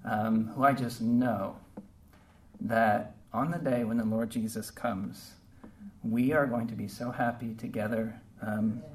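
A man preaching a heartfelt, conversational sermon to his congregation, pausing often with fillers. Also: fairly low pitch, steady tone, darkish tone. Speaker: pastor. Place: church service. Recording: distant mic with faint background noise.

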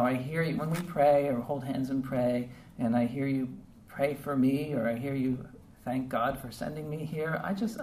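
Heartfelt male pastor, distant mic. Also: on the high side. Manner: heartfelt, conversational, halting with fillers. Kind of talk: sermon. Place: church service. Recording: distant mic with faint background noise.

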